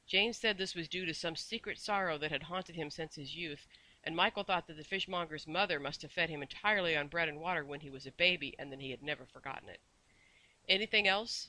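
An expressive storyteller reading a children's book aloud. The tone is bright and forceful, with lively shifts between characters. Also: mid-range voice, poor audio. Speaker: audiobook narrator. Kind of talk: scripted narration.

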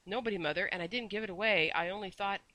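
A man voicing a huge, meek grown daughter who speaks in a frightened, hushed way, in a storybook reading. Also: sits high, fast talker, no echo, voice pushed up, poor audio. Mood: timid.

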